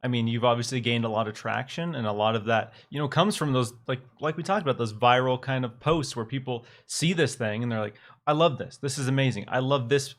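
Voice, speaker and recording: A man's voice: medium pitch, fairly quick, hardly any pauses. A man hosting a casual gaming podcast, easygoing and affirming toward his guest. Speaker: podcast host. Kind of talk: casual chat.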